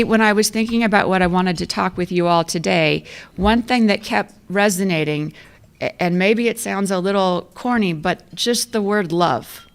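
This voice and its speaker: Speaking at a storytelling club luncheon, a fifties-aged athletic director tells her stories conversationally and pokes fun at herself, laughing often. Her voice is medium-pitched and clean, with some vocal fry.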